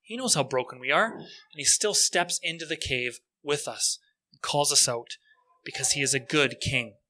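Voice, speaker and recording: A male preacher telling a story in a sermon, earnest and slowing down for emphasis. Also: mid-range voice, pushed and bright.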